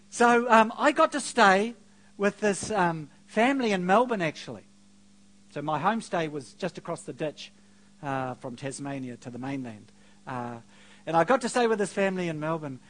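Animated preacher man, storytelling sermon. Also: high voice. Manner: storytelling, self-mocking, swings between quiet and loud.

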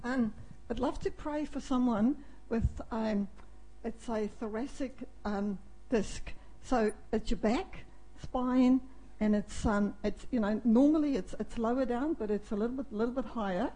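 A woman sharing a prayer word in church, gentle and hesitant, a little away from the mic. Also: fairly high pitch, measured pace, low-quality recording.

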